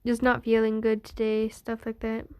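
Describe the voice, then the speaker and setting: A woman's voice: fairly high pitch, completely flat delivery, moderate pace, clear, resonant tone. A young woman casually telling a fan story, rambling with many fillers and restarts.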